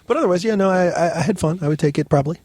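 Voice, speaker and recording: A man's voice: high-pitched, rapid-fire, darkish tone, no echo. Wry, hesitant man on a podcast. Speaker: podcast co-host. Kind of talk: casual chat.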